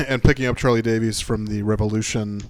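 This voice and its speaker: A man's voice: on the low side, steady tone, a little fast, no echo. Joking, rambling podcast host man. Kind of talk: casual podcast chat.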